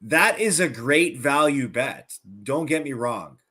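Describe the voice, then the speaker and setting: Brief: former pro hockey player turned analyst, average-pitched man, animated, teasing storyteller. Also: slow pace. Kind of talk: casual sports betting banter.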